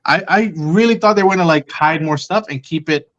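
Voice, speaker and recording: A man's voice: on the high side, fairly quick, a bit bright, dull audio. A man, the host of a fan stream, chatting casually and at length about an upcoming film, full of ums and restarts. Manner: rambling, many ums and restarts. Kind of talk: casual live-stream chat.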